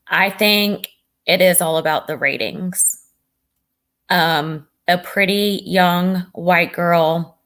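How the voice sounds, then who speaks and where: A woman's voice: fairly low pitch, a bit bright. A woman hosting a casual livestream, talking earnestly and reading viewers' comments aloud. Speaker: livestream host.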